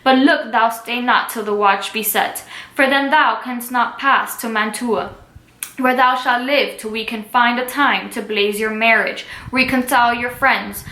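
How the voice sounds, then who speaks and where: A stern older friar lectures and counsels in an earnest, read-aloud manner, as a woman reads his part. Her voice is bright and forceful and lifts a little high. The recording sounds echoey, as if made in a bare room. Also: fairly even intonation, measured pace.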